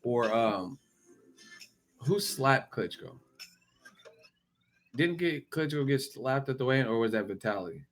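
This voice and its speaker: Profane, animated male boxing vlogger. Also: medium pitch, a little hiss or hum. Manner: animated, profane, rapid-fire rhetorical questions. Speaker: boxing channel host. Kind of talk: casual reaction commentary.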